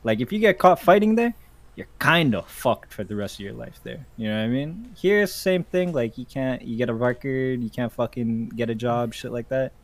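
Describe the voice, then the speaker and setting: A man's voice: medium pitch, lively intonation, normal speed, dry recording. A man from Iran co-hosting a podcast, chatting casually in slangy, profane talk and acting out quotes as he tells stories. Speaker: podcast co-host. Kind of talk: casual chat.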